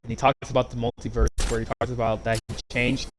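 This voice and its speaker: A man's voice: mid-range voice, little pitch movement, fast, noisy background. A man giving a casual, rambling movie recap as a reviewer, often restarting his sentences.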